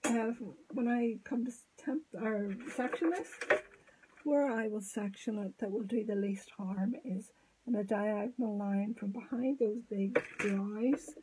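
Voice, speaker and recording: A woman giving a step-by-step sculpting tutorial, thinking aloud as she works, halting and often dropping to a murmur. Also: mid-range voice, background noise. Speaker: sculpting teacher.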